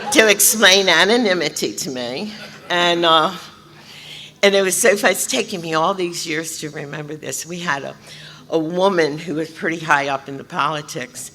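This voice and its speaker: A woman tells her recovery story with a bright, forceful voice, acting out voices and laughing as she goes. Her tone sits a bit low for a woman. She is heard in a large hall with a long echo and faint room noise behind her. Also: normal speed. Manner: animated, acts out voices and laughs often. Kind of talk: personal storytelling at a recovery convention.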